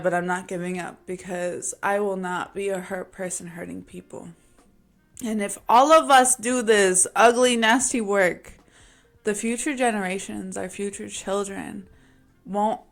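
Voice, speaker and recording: A woman's voice: mid-range voice, measured pace, faint music behind. A woman speaking to camera about her own life in a candid, confessional monologue. She is emphatic and casual, using slang and sometimes laughing as she talks. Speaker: vlogger sharing a personal story.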